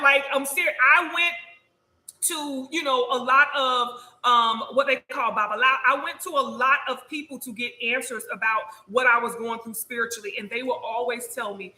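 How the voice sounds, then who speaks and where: A woman's voice: high-pitched, a little fast, bright, forceful tone, roomy sound, low-quality recording. A woman hosting a spiritual livestream, chatting casually and often checking in with "okay?" and laughing.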